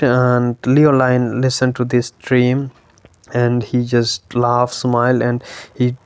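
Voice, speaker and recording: A man's voice: medium pitch, darkish tone, smooth, no echo. A man teaching a poem, explaining it line by line with many fillers and frequent "right?" checks. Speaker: literature teacher.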